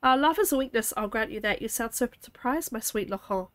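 A woman reading the lines of a gallant, charming Creole man in a story game, softly and flirtatiously. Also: a little high, animated, fairly quick, no room sound, close to an everyday voice.

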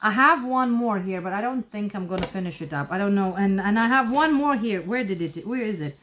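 A woman's voice: medium pitch, animated, brisk, a bit bright, slight background noise. Woman, 30s-40s, casual home crochet vlog, rambling and chatty. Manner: chatty, rambling, many fillers and restarts. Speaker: crochet vlogger. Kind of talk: casual chat.

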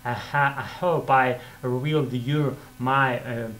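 A man's voice: medium pitch, fairly even intonation, fairly bright tone, a little hiss or hum, poor audio. Russian-accented man rambling in English. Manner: halting, many fillers and restarts, non-native phrasing. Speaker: vlogger practicing English. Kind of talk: casual rambling monologue.

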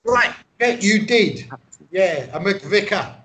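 Higher-voiced man with crude banter. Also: lively intonation, takes it slowly, a bit bright. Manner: crude, swearing, playfully goes along. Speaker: podcast co-host. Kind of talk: casual comedic banter.

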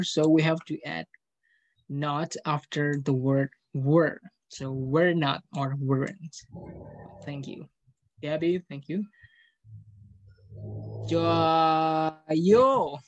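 A man with an Indonesian accent teaching an English class over a video call, patiently calling on pupils and explaining grammar step by step. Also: on the high side. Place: online meeting from home.

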